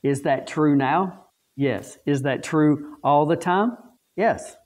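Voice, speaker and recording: A man's voice: a little high, takes it slowly, a little mellow. A man teaching a Bible lesson to staff, folksy, asking the class questions and answering them himself.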